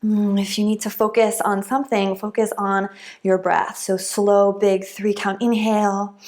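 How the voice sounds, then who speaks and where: A woman guiding a yoga flow in a calm, encouraging voice. She paces her cues to the breath and fills the pauses with soft hums. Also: mid-range voice. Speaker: yoga instructor. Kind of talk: guided yoga class instruction.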